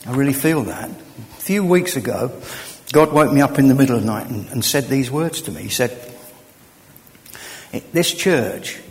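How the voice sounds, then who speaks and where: A man preaching a conversational sermon, acting out dialogue and swinging from hushed asides to loud emphasis. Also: mid-range voice. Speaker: guest preacher. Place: church. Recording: church hall with long reverb.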